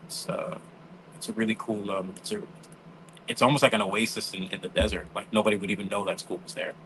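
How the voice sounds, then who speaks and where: A man's voice: on the low side, fairly even intonation, fairly quick, noisy background. A man, telling stories in casual chat, acting out quotes and swearing freely. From New York. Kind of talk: casual storytelling.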